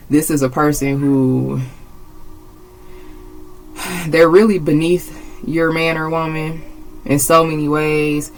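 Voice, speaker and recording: On a low-quality recording, a woman with a low voice offers an informal tarot reading. She is blunt and emphatic, curses openly, repeats phrases, and grows agitated.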